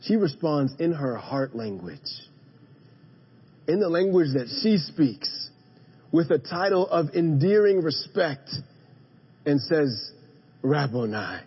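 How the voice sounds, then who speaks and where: A male pastor preaching a sermon in a church, moving from hushed emphasis to emphatic calls to his congregation. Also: fairly high pitch, animated, slow, long pauses, husky, highs cut off. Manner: dynamic preaching, drops to a hush then rises to emphatic calls; addresses the congregation directly. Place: church sanctuary.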